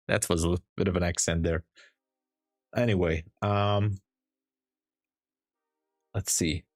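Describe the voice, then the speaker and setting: A man from Hungary with a Hungarian accent, chatting with viewers and calmly explaining charts as a day trading streamer. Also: sits low, slow pace, long pauses, dry recording, clean studio sound, faint music behind. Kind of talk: live-stream chat and trade commentary.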